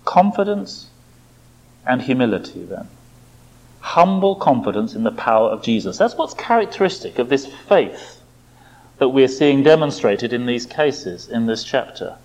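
A man preaching a sermon, with expressive delivery, rhetorical tag questions and dramatic quoted voices. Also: mid-range voice, a little slow. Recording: dull lo-fi recording.

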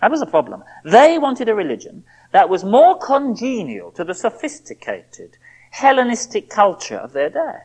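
A woman preaching an expository sermon, reasoning aloud in a measured way and voicing the apostle's pleas with feeling. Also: fairly high pitch, darkish tone, husky.

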